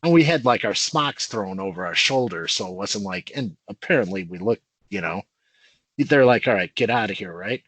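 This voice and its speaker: A middle-aged man telling a long, animated story to old friends on a podcast, laughing as he goes. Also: lowish voice, normal speed, slightly rough, no echo, poor audio. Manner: animated anecdote teller who laughs through his story. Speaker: podcast guest.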